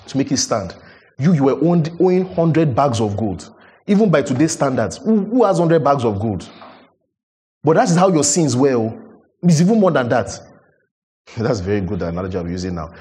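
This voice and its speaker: A middle-aged man preaches, his voice sitting in a middle pitch. He presses his points hard, climbing into loud rhetorical questions and then dropping low for quiet asides. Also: in a large hall, slight background noise. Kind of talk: sermon.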